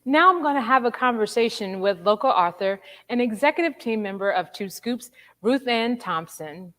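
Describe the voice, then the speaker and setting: A woman's voice: fairly high pitch, expressive, normal speed. A woman hosting and interviewing a guest, giving brief affirming responses. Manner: warm listening sounds, brief affirmations. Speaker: host and interviewer. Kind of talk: casual interview.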